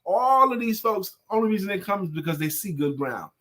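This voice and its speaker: This high-pitched, brisk man is a co-host and sales coach on a live talk show. He chats casually in colloquial speech, lively and animated, cracking jokes as he goes.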